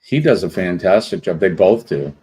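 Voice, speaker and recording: Brief: male livestream host, low voice, easygoing and chatty, greets the chat one name at a time. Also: animated, moderate pace, dark tone, poor audio. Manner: rambling, greeting viewers one by one. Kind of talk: casual live-stream chat.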